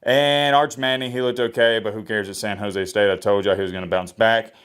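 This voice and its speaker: A man doing a solo sports reaction vlog. He talks in a blunt, opinionated way, with energetic swings in pitch and a slightly hoarse voice. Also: brisk. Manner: opinionated, blunt trash talk. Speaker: sports vlogger. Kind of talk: solo college football reaction.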